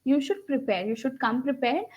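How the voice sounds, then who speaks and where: High-voiced Indian woman correcting English. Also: expressive, moderate pace, highs cut off. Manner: corrective, firm, explains patiently. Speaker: English conversation trainer. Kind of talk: online one-on-one English lesson.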